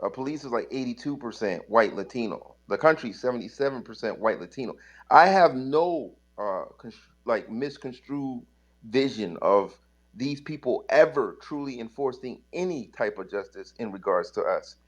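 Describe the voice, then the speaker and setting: A man's voice: medium pitch, lively intonation, normal speed. A man in a podcast discussion who interrupts and stammers, arguing emphatically. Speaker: co-host. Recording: dull lo-fi sound.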